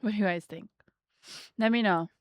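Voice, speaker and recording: A woman's voice: medium pitch, moderate pace, clear, resonant tone, no room sound, clean studio sound. A young woman streamer chatting casually with her audience, rambling with lots of "like". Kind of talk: casual live-stream chat.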